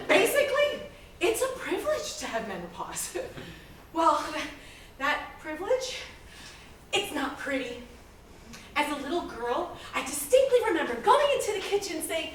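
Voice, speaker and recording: A woman's voice: high-pitched, a little slow, slight background noise. A woman in her forties performing a comic stage monologue, laughing often and slipping into Spanish. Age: 40s. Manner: lively, laughing, switches into Spanish. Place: theater stage. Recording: echoey theater, heard from far off.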